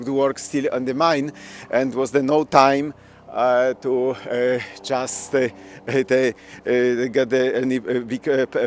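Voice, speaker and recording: A man with a Polish accent guiding a live walking tour outdoors, speaking halting, hesitant English full of restarts. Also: medium pitch, a little hiss or hum. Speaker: tour guide. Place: outdoors on town streets.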